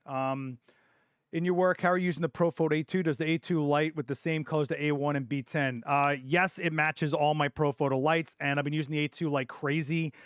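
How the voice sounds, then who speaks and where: A man's voice: a little high, fairly bright tone, no room sound. Fired-up man ranting on a live stream. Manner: passionate, emphatic, repeats words for stress. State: voice getting hoarse. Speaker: photography channel host. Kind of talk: live Q&A stream, opinion rant.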